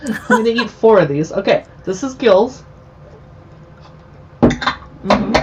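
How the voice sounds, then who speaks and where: A woman hosting a casual live video chat, tasting snacks, chatty and quick to laugh. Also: medium pitch, animated. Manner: chatty, laughs easily, talks with her mouth full. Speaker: host. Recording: dull lo-fi sound with faint noise.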